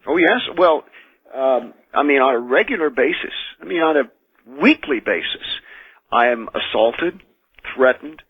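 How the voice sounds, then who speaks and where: Speaking by telephone as a radio guest, an American minister who works as an exorcist recounts his experiences in a call-in interview. The line is tinny and there's no room sound; his voice is mid-range, slightly husky, dry and expressive. He tells each story earnestly and at a measured pace, frequently starting phrases over.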